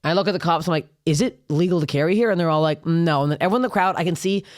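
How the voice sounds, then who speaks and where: A woman comic and podcast co-host telling a story in casual chat, profane and animated, acting out what people said. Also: lowish voice, no echo, studio quality. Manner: rapid, profane, animated storytelling with acted-out quotes. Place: podcast studio.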